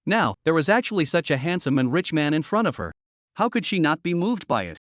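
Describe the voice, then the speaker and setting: A man's voice: fairly high pitch, big pitch swings, brisk, dry recording, studio quality. Man narrating a comic recap.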